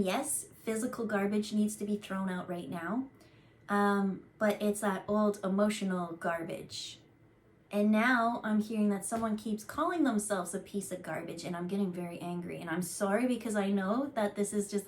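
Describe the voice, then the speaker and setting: Woman, intuitive card reader, casual rambling delivery, earnest, mid pitch, faint background hiss. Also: darkish tone. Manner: chatty, rambling, earnest with frequent fillers and restarts. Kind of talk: casual channeled tarot reading.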